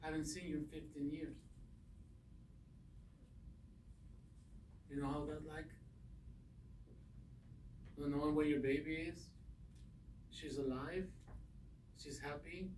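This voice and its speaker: A man's voice: on the high side, steady tone, darkish tone, a little hiss or hum, lightly acted. A man playing a hurt, bitter father. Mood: aching. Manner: halting, restrained, pained. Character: hurt, angry father facing estranged daughter. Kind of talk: acting class scene work. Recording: roomy echo, distant mic.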